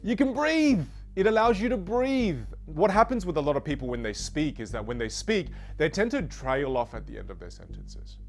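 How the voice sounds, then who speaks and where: Lively man coaching on public speaking. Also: fairly high pitch, normal speed, few pauses. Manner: energetic, rhetorical questions, demonstrates trailing off and fillers. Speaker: communication coach. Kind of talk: instructional lesson.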